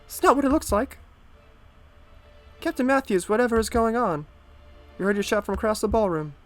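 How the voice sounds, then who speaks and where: A man reading out a game's lines as a prim, high-born lady at a grand ball, in a flustered falsetto. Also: animated, normal speed, fairly bright tone, soft background music.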